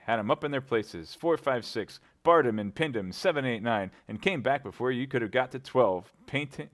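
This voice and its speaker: A man reading a classic novel aloud in a relaxed, amused, animated way. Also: fairly low pitch. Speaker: reader.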